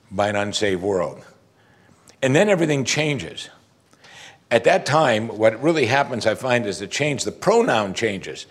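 A middle-aged male pastor delivering a sermon in a husky, slightly breathy voice at an ordinary middle pitch. He drives his points home with emphasis, pausing for musing hums and putting rhetorical questions to his listeners.

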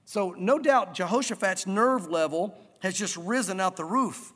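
A man preaching a sermon to his congregation, animated and emphatic, with a long hall reverb. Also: sits high, unhurried. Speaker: pastor.

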